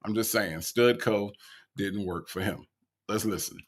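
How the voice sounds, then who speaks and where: A man's voice: on the low side, unhurried, slight background noise. A man hosting an online show, reacting to a clip with teasing, incredulous commentary and reading out viewer comments. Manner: incredulous, teasing, reading chat names aloud. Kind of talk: casual commentary.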